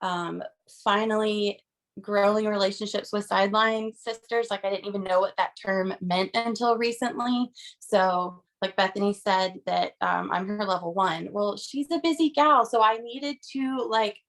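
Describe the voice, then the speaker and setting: A woman's voice: medium pitch, fairly even intonation, normal speed. A woman on a video call sharing a personal testimony, earnest and emotional, with many "um"s and "like"s. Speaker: team member sharing a testimony.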